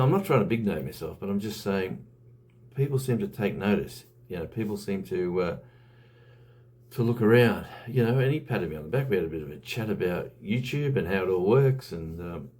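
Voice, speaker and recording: Australian male YouTuber, low pitch, relaxed rambling delivery. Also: normal speed. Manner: rambling, conversational, with frequent fillers. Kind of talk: casual vlog monologue.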